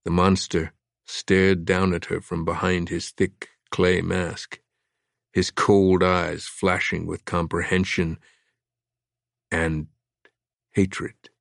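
A male audiobook narrator reads a thriller in a slow, measured, dramatic manner. His voice sits a little low, and the recording is close and dry with no room sound. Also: flat delivery, creaky, no room sound. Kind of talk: scripted narration.

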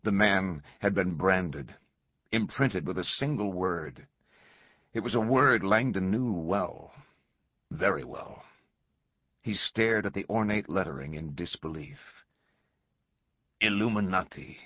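Low husky guy narrating an audiobook, measured and dramatic, dry, a bit muffled. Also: animated, no room sound. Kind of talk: scripted narration. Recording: slightly dull lo-fi recording.

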